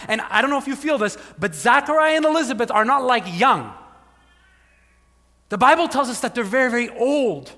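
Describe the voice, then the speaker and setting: A male pastor preaching a sermon, telling the story with animated asides and acted-out voices, often saying "like". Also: extremely high pitch, brisk. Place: church hall. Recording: long hall reverb.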